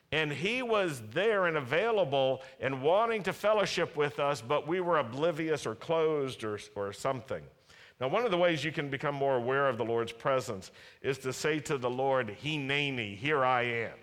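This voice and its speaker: A man's voice: mid-range voice, fairly bright tone. A man preaching a sermon as a pastor, earnest and emphatic, repeating key phrases. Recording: reverberant hall.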